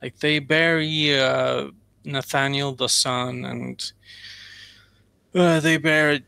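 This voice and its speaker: A man's voice: medium pitch, steady tone, slow, vocal fry, pushed and bright, smooth, no echo. A man hosting a casual book discussion, rambling and joking as he goes. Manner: rambling, jokey, mimics voices. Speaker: podcast host, author.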